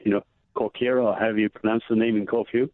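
A man being interviewed, arguing in a measured, emphatic way about politics. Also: lowish voice, flat delivery, no room sound. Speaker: guest. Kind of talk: political conversation. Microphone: phone line. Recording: tinny phone line, dry.

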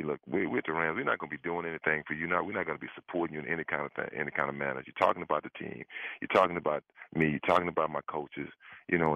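Deep raspy guy on a tinny phone line, talks fast, keeps saying "i said". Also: no echo. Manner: repeats "I said" often, voice jumps high for quoted lines. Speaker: former player telling a story on a radio show. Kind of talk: animated storytelling, acting out both sides of phone calls.

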